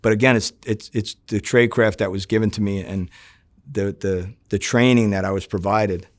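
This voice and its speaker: A man who is a former undercover agent, telling his story in a sit-down interview, profane and lively as he acts out the dialogue. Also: fairly low pitch, moderate pace, no echo. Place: home in New Jersey.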